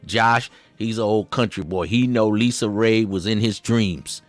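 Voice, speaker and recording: A man's voice: on the low side, unhurried, no room sound. Rambling man with a slangy drawl. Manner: rambling, repeats "see" and stutters on restarts. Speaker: host reacting to clips. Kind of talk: satirical commentary.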